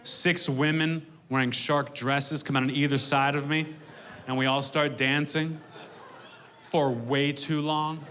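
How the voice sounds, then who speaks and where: A man doing a stand-up set, delivering dark jokes in a dry, deadpan way. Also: on the high side, background noise. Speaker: stand-up comedian.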